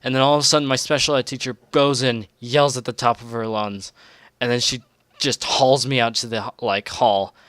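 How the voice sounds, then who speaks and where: A man's voice: medium pitch, steady tone, normal speed, fairly bright tone, dry recording. A young man telling a crude, rambling storytime vlog, laughing at his own story. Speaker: storytelling vlogger.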